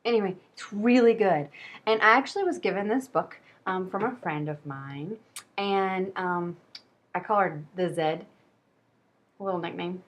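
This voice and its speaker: A woman's voice: fairly low pitch, moderate pace. A woman hosting a casual book review video, chatty and rambling, poking fun at herself. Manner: chatty, rambling, self-deprecating. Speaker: book vlogger.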